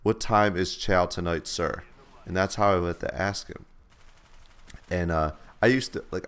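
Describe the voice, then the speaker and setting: Low-voiced man telling stories over gameplay. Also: vocal fry, fairly bright tone. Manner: laid-back, slangy, profane. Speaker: gaming channel host. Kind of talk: casual storytelling over gameplay.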